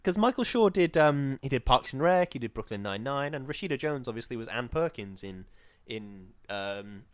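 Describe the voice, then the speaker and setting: A young British man co-hosting a podcast in casual chat, chatty and quick to laugh. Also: medium pitch, clear, resonant tone, no echo. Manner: chatty, laughs easily, lively voices in anecdotes. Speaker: podcast co-host.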